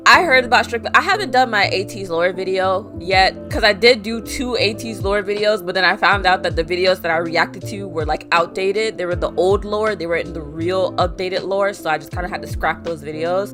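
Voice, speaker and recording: A woman giving an excited, gushing reaction commentary, talking straight to her viewers. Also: lowish voice. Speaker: reaction video host.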